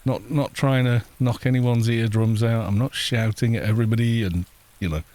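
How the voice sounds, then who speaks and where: A man streaming a game, chatting casually in a quiet, gentle voice, rambling with restarts and soft laughs. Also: mid-range voice, fairly even intonation, normal speed. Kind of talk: casual live-stream chat while gaming.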